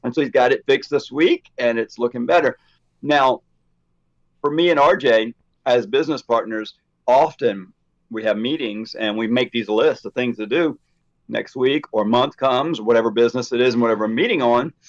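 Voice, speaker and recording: A man co-hosting a casual podcast, swapping in the voices of the people he quotes as he tells his stories. His pitch sits mid-range and the recording is dull and lo-fi. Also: normal speed. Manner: animated storyteller, acts out quoted dialogue. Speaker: podcast co-host. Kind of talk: casual chat.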